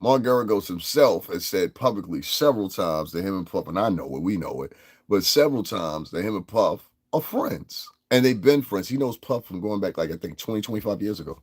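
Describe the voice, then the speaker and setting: A man's voice: deep voice, animated, a little fast, slightly rough. A man, hosting a livestream and delivering a heated, profane, combative rant at his chat. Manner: brash, profane and combative, with laughs. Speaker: livestream host.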